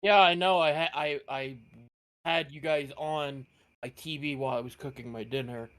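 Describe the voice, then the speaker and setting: A man's voice: fairly high pitch, fairly even intonation, moderate pace, fairly bright tone, smooth. A man joining a stream chat late, teasing the others dryly and swearing. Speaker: stream guest. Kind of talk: casual group chat.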